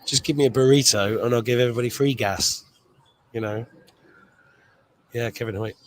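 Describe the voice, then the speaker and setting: A man's voice: medium pitch, normal speed, poor audio. A man hosting a casual livestream, chatting rambly and swearing freely while reading viewer comments at an airport. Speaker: show host.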